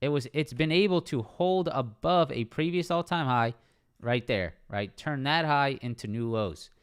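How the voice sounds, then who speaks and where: A man's voice: medium pitch, measured pace, clean tone. A young man streaming live market analysis, talking casually, repeating price levels and asking "right?" often. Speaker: stock trading live streamer. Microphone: streaming microphone.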